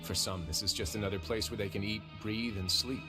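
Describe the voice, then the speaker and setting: A man's voice: on the low side, steady tone, fairly quick, natural voice. An actor playing a composed, dryly wry male warden in a game. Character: composed, dry-humored male warden duke. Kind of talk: studio game voice acting. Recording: game audio with faint music.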